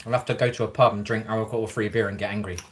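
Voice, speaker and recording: A man's voice: fairly low pitch, level tone, rapid-fire, slight background noise. A man chatting casually on a livestream, answering viewer comments in a rambling, frank way, swearing freely and encouraging his viewers.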